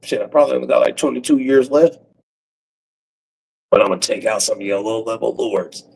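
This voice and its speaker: A man in his forties doing a profane comedic rant on a livestream, breaking into cackles and swinging from loud outbursts to low mutters. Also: fairly even intonation, brisk, vocal fry, slight background noise, low-quality recording. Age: 40s.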